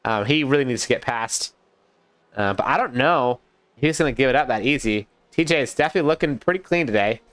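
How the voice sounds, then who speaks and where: A young man casting a sim racing league live, chatty and excitable, talking to his co-caster and to the chat. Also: mid-range voice, quick pace, no echo. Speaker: race caster.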